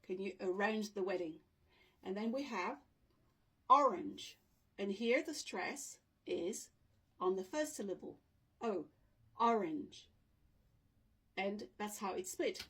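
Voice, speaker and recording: A woman's voice: medium pitch, moderate pace, slightly rough. A woman teaching dictionary pronunciation in a casual video lesson, explaining patiently and checking in with "okay?" as she goes, recorded without a microphone. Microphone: no microphone, voice drifts from the camera. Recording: room sound, voice sometimes far from the mic.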